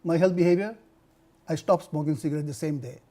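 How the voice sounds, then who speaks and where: An older man from India giving a university lecture on health, telling personal stories in an animated way, with many restarts. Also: a little high, brisk. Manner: animated storytelling with frequent laughs and restarts.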